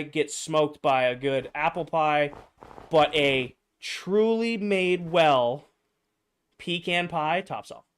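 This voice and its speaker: A man's voice: fairly high pitch, clean tone. A man streaming a game, chatting casually, reading out and reacting to viewers' answers with playful opinions. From United States. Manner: reads viewer replies aloud, playful and opinionated. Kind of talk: casual livestream chat over gameplay.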